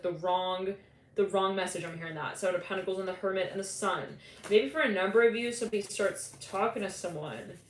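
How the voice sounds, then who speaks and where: A woman giving a live psychic tarot reading in a rambling, loose way, full of "like" fillers and quick quoted voices. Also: medium pitch. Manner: rambling, many "like" fillers, quotes imagined people, laughs often. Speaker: tarot reader. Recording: echoey room with faint background noise.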